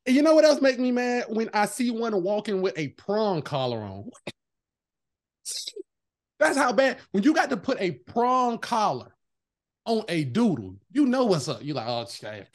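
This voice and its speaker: A man with a notably high speaking voice tells stories in a loose, casual chat. He is animated and emphatic, swears freely, and keeps slipping into little voices whenever he quotes someone. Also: a little slow. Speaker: veterinary technician guest.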